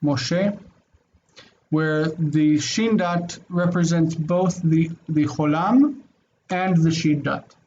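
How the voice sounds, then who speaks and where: A male Hebrew teacher explains grammar slowly and patiently, pausing on fillers as he walks students through each point. His pitch sits a touch high for a man. The video-call audio is dull and slightly lo-fi, with faint background hiss. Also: darkish tone. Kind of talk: online class teaching.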